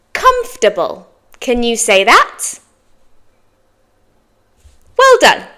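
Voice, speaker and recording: A British woman teaching English pronunciation, modeling words slowly and clearly and praising the listener after each try. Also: high-pitched, sharp tone. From Britain. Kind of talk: pronunciation lesson.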